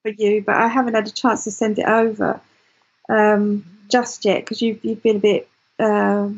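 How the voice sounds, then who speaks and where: A woman guest in an interview, telling her story in an animated way with many restarts. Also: medium pitch, normal speed, slightly rough, dull audio. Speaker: guest, client. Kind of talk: interview chat.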